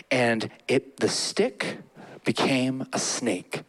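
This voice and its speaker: A man preaching a sermon as a pastor in a church, animated, acting out quotes with playful voices. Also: a little high, unhurried, gravelly.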